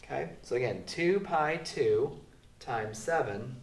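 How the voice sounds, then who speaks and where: A man who is sick, teaching a recorded math lesson in a relaxed way with many fillers, going through the steps slowly. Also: medium pitch. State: sick, voice sounds off. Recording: roomy echo.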